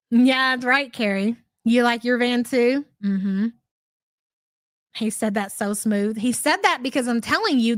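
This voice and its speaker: A woman's voice: high-pitched, fairly bright tone, no room sound, studio quality. A middle-aged woman hosting a live stream, chatting casually and rambling, with frequent profanity.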